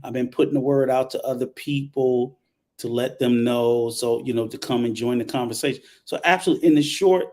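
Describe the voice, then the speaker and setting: A man's voice: medium pitch, a little fast, darkish tone. A man hosting a casual online talk show, speaking in a conversational, emphatic way. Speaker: host.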